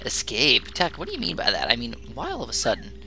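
A man's voice: medium pitch, huge pitch swings, fast talker, vocal fry, sharp tone, soft background music, heavily acted. A man voicing a captured young princess, earnest and alarmed, asking pleading questions. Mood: anxious.

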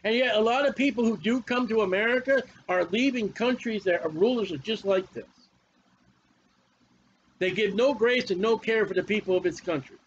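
A man's voice: sits high, moderate pace, muffled recording, slight background noise. A man preaching a fiery, confrontational sermon with a lot of repetition.

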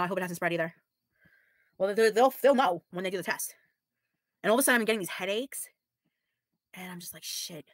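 A tired woman in her thirties livestreams, going through viewer comments in casual chat with frank, blunt remarks, sighs and some mild cursing. Her voice is on the low side and a bit bright, recorded with clean studio sound and no room sound.

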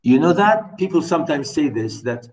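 A man's voice: fairly high pitch, expressive, moderate pace, darkish tone, recorded from a distance, rough recording. A man, teaching a literature class in a classroom, emphatic and repetitive, with many fillers. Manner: emphatic, repeats words, many "you know" fillers. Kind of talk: classroom lecture.

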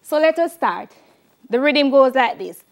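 High-voiced Jamaican woman teaching a song. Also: animated, unhurried, noisy background. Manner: chanting syllables and clapping rhythms. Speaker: music teacher. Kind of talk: televised classroom lesson.

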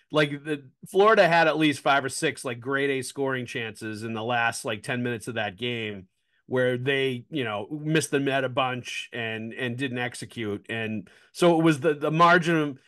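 A man's voice: mid-range voice, fairly bright tone. A man hosting a hockey podcast, talking casually and emphatically, agreeing strongly and running his points together. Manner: chatty, frequent "like" fillers, emphatic agreement. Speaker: podcast host.

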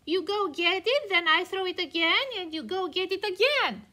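A woman voicing an excitable, cheeky male dog in a picture-book story read aloud to small children, with a bouncy, teasing manner. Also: very high-pitched, moderate pace, exaggerated voice. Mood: excited.

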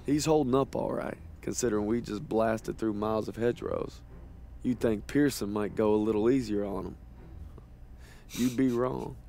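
An actor playing a young American infantry soldier with a Southern accent, narrating in a measured, journal-like way in a war game. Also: male voice, on the low side, gravelly, dark tone, a little hiss or hum. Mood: reflective. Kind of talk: scripted game voice acting.

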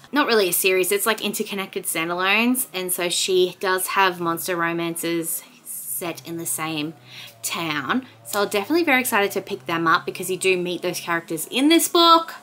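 A woman's voice: medium pitch, bright, forceful tone. A young Australian woman chatting casually at home about the books she is reading. She fills her talk with "like" and giggles often. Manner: chatty, heavy use of "like", giggly. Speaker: book vlogger. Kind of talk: casual book review chat.

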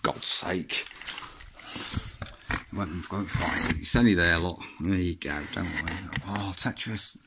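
A vlogger with a low-pitched voice talks at a measured pace over some background noise. He rambles casually while sorting through boxes of his child's old things, swearing and laughing as though addressing the absent child.

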